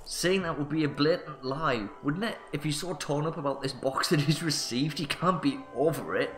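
A man's voice: fairly high pitch, moderate pace, a bit bright. A man doing jokey, self-mocking let's play commentary on a story game. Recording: roomy sound with faint music.

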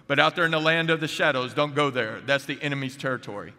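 A regal, solemn lion king father speaks with grave authority, as a preacher puts him on. The tone is bright and pushed a little, with a timbre unlike his plain talk. The long reverb of a chapel hall trails every line. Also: medium pitch, quick pace, close to an everyday voice. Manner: grave, commanding.

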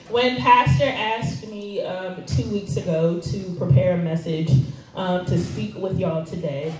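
A woman gives a casual sermon, chatty and self-deprecating, with laughs sprinkled through. She speaks at an unhurried pace, heard from a distance. The church hall rings with heavy echo. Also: fairly low pitch, fairly even intonation, darkish tone. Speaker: guest speaker. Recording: echoey hall, recorded from afar.

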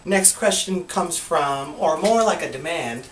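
Young male vlogger, wisecracking and expressive, filmed on a home camera with faint background hiss. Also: fairly high pitch, unhurried. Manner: animated, sarcastic, jokey. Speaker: vlogger answering viewer questions. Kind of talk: casual chat. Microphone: flip camera.

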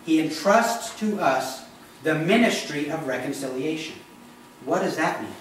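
A man's voice: on the high side, expressive, a little slow, slight background noise. A man preaching a sermon as pastor of a church, talking in a conversational way and often asking the congregation questions. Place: church sanctuary. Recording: echoey church hall, mic from a distance.

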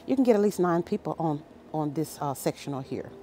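A woman's voice: sits low, animated, a little fast, dark tone, slight background noise. A woman vlogging as she walks through a furniture store, gushing over each piece in a casual, enthusiastic way. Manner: gushing, enthusiastic, exclaims often. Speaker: shopping vlogger. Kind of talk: casual store walkthrough vlog. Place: large furniture store, indoors.

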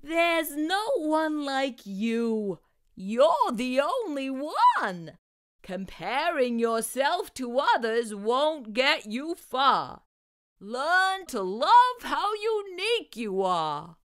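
A woman voicing a gentle, loving mother sloth in a children's storybook read-aloud, soft and reassuring. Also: high-pitched, very animated, very slow, full character voice. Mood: tender.

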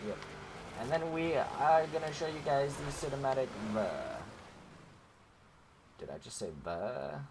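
Over gameplay footage, a gaming YouTuber rambles to his viewers in an expressive mid-range voice, speaking a little slowly with long pauses. His chatty commentary is full of fillers, picked up on a desk microphone with a noisy background.

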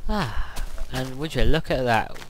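A man's voice: mid-range voice, expressive, a little slow, heavy background noise. A sleepy man giving casual gameplay commentary, hesitant and rambling with many fillers. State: sleepy, yawning.

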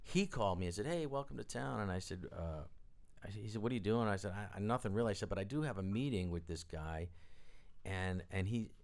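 A man, a guest on a live studio interview, telling rambling, animated stories and acting out the people he quotes. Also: low voice, a little fast. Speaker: guest, record producer and drummer. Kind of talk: anecdotal storytelling interview.

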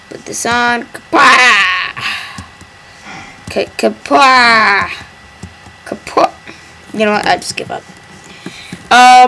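Woman gamer host, bright and crisp-edged tone, playful rambling commentary. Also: on the high side, slight background noise, rough recording. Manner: playful, rambling, mock-dramatic asides. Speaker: gameplay video host. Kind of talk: casual gameplay commentary.

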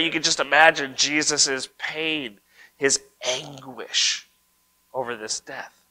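A man delivers a sermon as pastor, reading scripture and then unpacking it in a relaxed, conversational way. His voice is bright and forward, sitting at an average pitch for a man. He keeps checking in with his listeners through quick rhetorical asides. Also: poor audio. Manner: conversational preaching with frequent "right?" asides; reads scripture aloud, then comments on it.

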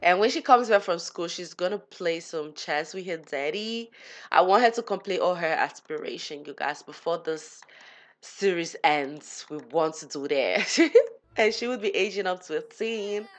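A woman's voice: fairly low pitch, expressive, normal speed. A woman giving casual gameplay commentary, chatty and giggly, talking to her game characters as she plays. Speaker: gaming channel host.

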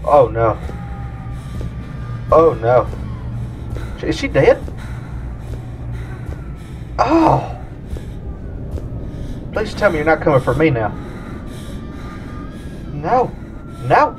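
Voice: mid-range voice, sing-song, extremely slow, long pauses, recorded from a distance, soft background music. A gamer giving let's-play commentary on a horror game, pleading and laughing nervously at the scares.

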